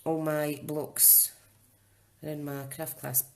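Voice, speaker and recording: A woman's voice: low-pitched, level tone, slow pace, darkish tone. A woman chatting casually and thinking aloud while demonstrating a card-making project. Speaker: craft demonstrator. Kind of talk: casual live-streamed craft demo.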